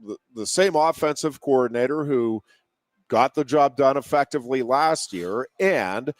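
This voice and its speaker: Measured man talking sports. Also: medium pitch, dry recording. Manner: measured, analytical, reasoning aloud. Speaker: co-host. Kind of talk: sports talk show chat.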